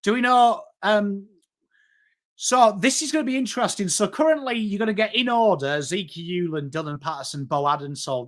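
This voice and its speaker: Fairly high in pitch and fairly bright, the voice is that of an English streamer casually commenting while reading chat. He's chatty, jokes around with his audience and addresses them as mate.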